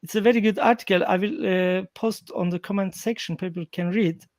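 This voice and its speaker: A man hosting a live online panel, speaking haltingly with many pauses and restarts. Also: high-pitched, fairly even intonation, darkish tone, no echo, clean studio sound. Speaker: host.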